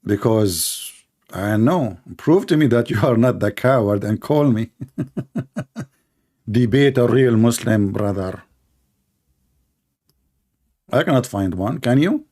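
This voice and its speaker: A man's voice: mid-range voice, animated, takes it slowly, long pauses, a little mellow, breathy edge. A man hosting a confrontational call-in debate, speaking in a sarcastic, taunting way. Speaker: debate show host.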